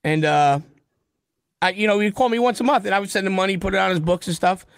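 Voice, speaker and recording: A man's voice: high voice, fast, gravelly, smooth, no room sound, studio quality. A man telling a long story in casual conversation, blunt and profane, acting out the dialogue as he goes. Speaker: guest telling prison stories.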